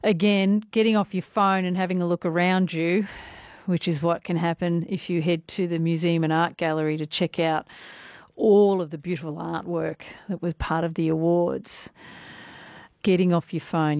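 A woman's voice: fairly low pitch, darkish tone, dry recording, clean studio sound. A woman presenting a radio show in a chatty, playful way, talking straight to listeners. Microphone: studio microphone.

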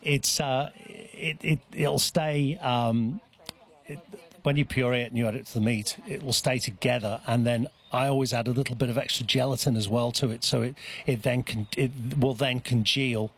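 A man's voice: medium pitch, steady tone, moderate pace, slightly rough. A man, a guest chef talking casually on radio, hesitant with many restarts and fillers, at an outdoor event. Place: outdoor dog park.

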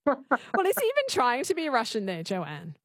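A woman hosting a talk radio show in a chatty, brisk way. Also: fairly high pitch, huge pitch swings, a bit bright, dry recording. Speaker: radio host. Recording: dry studio mic.

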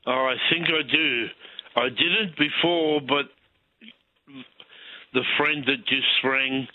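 Friendly Australian caller on a dull line. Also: male voice, mid-range voice, steady tone, slow pace, a little hiss or hum. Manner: friendly, chatty, hesitant with fillers. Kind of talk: casual phone-in chat.

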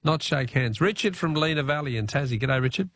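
A man with an Australian accent hosting a talkback radio quiz, chatty and quick with asides, laughing easily with callers. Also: on the high side, animated, fairly bright tone, a little hiss or hum.

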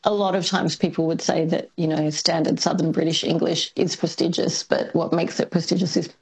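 Husky, flat-toned woman explaining accents. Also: low-pitched, brisk, poor audio. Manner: thoughtful and explanatory, with soft laughs and fillers. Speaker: linguistics academic guest. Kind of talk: radio interview.

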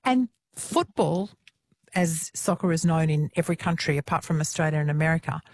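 Fluent woman host, lowish voice. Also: a little fast, darkish tone. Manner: clear, fluent storytelling. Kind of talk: casual radio-style chat.

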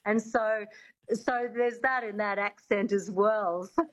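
A woman's voice: mid-range voice, fairly even intonation, takes it slowly, low-quality recording. A woman working as an accent coach, explaining things in a chatty way with many fillers in a radio interview.

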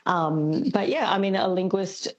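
A woman, a linguist guest on a radio show, explaining carefully with frequent pauses and ums. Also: lowish voice, fairly even intonation, dull audio. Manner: thoughtful, explanatory, many ums. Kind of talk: radio interview.

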